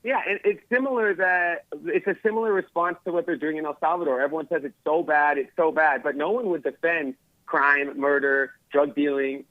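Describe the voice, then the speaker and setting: A man's voice: a little high, fairly even intonation, fairly quick, dry recording, phone-quality sound. A male caller on a phone-in show, talking in a casual, rambling way with lots of fillers. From Los Angeles area. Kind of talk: phone-in conversation.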